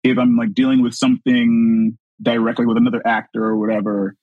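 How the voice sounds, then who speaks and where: A man guest on a podcast, telling a story in casual chat, animated and laughing often as he acts out the people in it. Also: mid-range voice, brisk, no echo, phone-quality sound.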